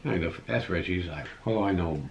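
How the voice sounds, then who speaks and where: A man's voice: sits low, brisk, gravelly, darkish tone, dull audio, a little hiss or hum. A man chatting casually with his wife, joking with dry, teasing humor. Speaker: vlogger's husband. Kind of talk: casual chat.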